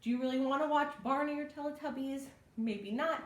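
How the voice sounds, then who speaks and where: Recorded far from the mic in a room with echo, this young library program instructor runs a relaxed online babysitting lesson. She speaks fairly quickly in a high, steady voice, chatting along with plenty of ums and a habit of asking "right?".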